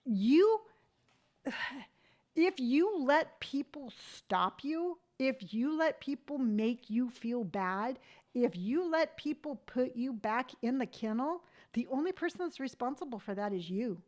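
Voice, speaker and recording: A woman in her fifties with a fairly high voice talks straight to her livestream viewers. She sounds earnest and animated, slipping into other people's voices to act out their remarks. Her encouragement comes with a firm, tough-love edge. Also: moderate pace. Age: 50s. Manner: tough-love pep talk. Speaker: livestream host. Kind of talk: motivational livestream chat.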